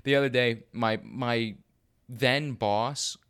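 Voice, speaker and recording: A young Arizona man with a mid-range voice speaks slowly and cleanly, spinning a rambling, profane story in casual podcast talk. He animatedly acts out the people he quotes.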